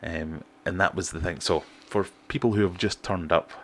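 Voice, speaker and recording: A middle-aged British man hosting a relaxed livestream, chatting and reading out viewer comments in a self-deprecating way. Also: low-pitched, moderate pace. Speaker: fishkeeping livestream host. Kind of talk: casual livestream chat.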